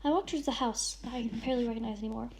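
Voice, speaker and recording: A woman with a high voice reads a friend's story aloud in an over-the-top, melodramatic way, breaking off for casual remarks. The recording has a steady layer of noise under her voice. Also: racing, gravelly. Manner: over-the-top dramatic reading, shouts and sobs in the big lines. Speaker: vlogger reading a friend's writing.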